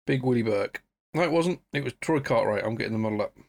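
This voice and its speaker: A man co-hosts a podcast. He trades dry, joking banter at a middle pitch in relaxed conversation. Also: fast talker, vocal fry. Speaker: podcast co-host. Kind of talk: casual chat.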